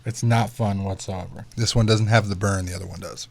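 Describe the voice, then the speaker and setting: A man's voice: lowish voice, fairly even intonation, fairly quick, gravelly. A young man hosting a casual podcast, telling loose, profane stories. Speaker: podcast host.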